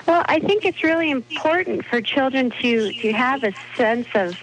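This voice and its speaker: A woman's voice: high voice, animated, normal speed, poor audio. A woman guest on a radio interview, speaking earnestly and from the heart with some hesitation.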